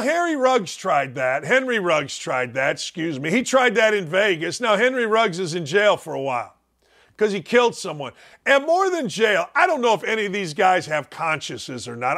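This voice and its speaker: An older man hosting sports talk radio, ranting in a loud, mocking way, often dropping low and slowing down for emphasis. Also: very animated, vocal fry. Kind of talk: opinionated sports talk rant.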